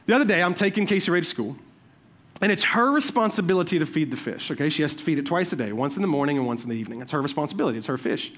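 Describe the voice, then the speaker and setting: A man preaching a sermon as pastor, telling personal stories in an animated, conversational and humorous way. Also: a little high, racing. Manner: repeats "watch this" to cue points.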